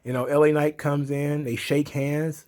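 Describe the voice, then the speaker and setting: A man with a slightly higher-than-usual voice recaps a wrestling show in loose, casual commentary. He is excitable and chuckles often, swearing freely as he rambles through the highlights. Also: a little slow.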